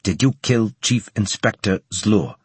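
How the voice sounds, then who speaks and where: A man voicing a stern, humorless male senior officer with a slight Japanese accent, speaking in a measured, grave way. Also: lowish voice, lively intonation, breathy edge, dry recording, exaggerated voice.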